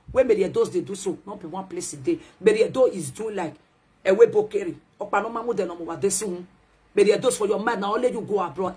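A Nigerian woman ranting in a loud, animated, scolding way, switching between Pidgin and a local language. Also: medium pitch, husky. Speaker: social media commentator. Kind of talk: ranting live video commentary.

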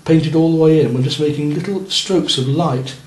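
An art teacher leads a beginners' painting class, working alongside his students while he guides them, encourages them, and checks their work. His voice sits on the high side with a darkish tone and a moderate pace. The room sounds roomy, with faint background noise.

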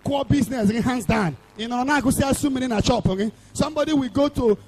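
High, gravelly Nigerian evangelist. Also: male voice, fast, low-quality recording. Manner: shouting, sing-song call-and-response preaching. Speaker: evangelist preacher. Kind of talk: fiery revival sermon.

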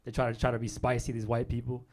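A young man from New Hampshire doing a quick, deadpan stand-up set in a comedy club. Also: medium pitch. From Manchester, New Hampshire, US. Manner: quick deadpan punchlines, voices his family in quotes. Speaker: stand-up comic.

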